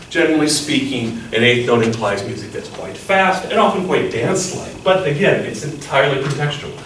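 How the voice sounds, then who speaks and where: A man's voice: mid-range voice, fairly quick, fairly bright tone, slight background noise. A male music teacher explaining rhythm, often chanting beats aloud as syllables. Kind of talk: classroom lecture. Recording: echoey room from far off.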